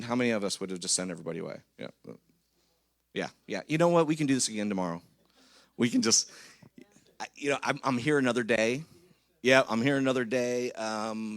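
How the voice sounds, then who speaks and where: A man's voice: fairly low pitch, no room sound. A man preaching a conversational sermon in a church. He talks in a chatty, jokey way and keeps checking in with the congregation. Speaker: pastor.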